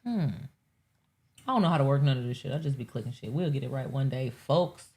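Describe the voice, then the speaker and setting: A woman's voice: a bass voice, fairly quick, a little mellow. A woman hosting a live show, chatting casually and profanely to her chat while fumbling with her setup. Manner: rambling, profane, talks to chat.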